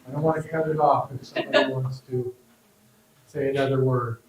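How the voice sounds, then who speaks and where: A man's voice: medium pitch, fairly even intonation, fairly quick, a little hiss or hum. A man acting as emcee at a ceremony in a hotel ballroom, casual and lightly joking as he invites more speakers. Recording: distant, roomy and dull.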